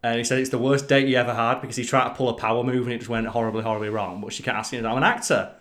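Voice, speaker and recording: A man's voice: medium pitch, flat delivery, rapid-fire, a bit bright. A man in casual podcast chat, telling stories with enthusiasm and plenty of swearing.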